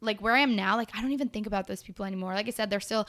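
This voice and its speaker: Young woman in her twenties, podcast guest; bright, crisp voice, blunt and animated chatty delivery. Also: mid-range voice, very fast. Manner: blunt, animated storytelling with many fillers. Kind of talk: casual chat.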